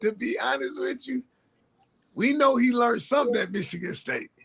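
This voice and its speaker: Husky, bright-voiced man co-hosting sports talk. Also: extremely high pitch, lively intonation, normal speed. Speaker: sports talk show co-host. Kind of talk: casual sports chat.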